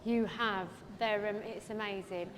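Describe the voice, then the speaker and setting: A woman's voice: mid-range voice, fairly even intonation, unhurried. A woman hairdresser giving a live styling demo, chatty and rambling with lots of fillers, in a large event hall. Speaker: hairdresser educator. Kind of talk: live hair demonstration with chat. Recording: echoey hall with faint background noise.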